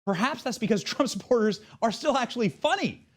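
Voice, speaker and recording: A man's voice: very high-pitched, expressive, fairly quick. A man hosting a show, delivering scripted political commentary in a mocking, sarcastic way. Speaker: show host.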